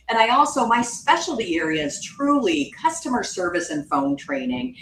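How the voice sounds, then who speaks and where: A woman with a very low voice talks about her work as a podcast guest, upbeat and friendly. The audio is roomy, with faint ambience underneath. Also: fairly bright tone, a little hiss or hum. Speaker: panel guest, marketing director. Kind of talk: casual podcast interview.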